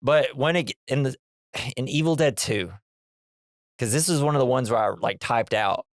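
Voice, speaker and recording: Brief: male podcast co-host, lively swinging delivery, dry close sound, relaxed joking recap. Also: medium pitch, normal speed, dry recording. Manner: laid-back, jokey retelling of plot. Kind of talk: casual movie recap chat.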